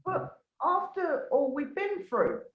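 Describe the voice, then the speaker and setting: A woman's voice: high voice, very animated, slow pace, exaggerated voice. A woman playing a meek, devoted male sidekick in a live comedy sketch, talking hesitantly and eager to please. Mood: hurt. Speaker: sketch performer. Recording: echoey lo-fi live recording.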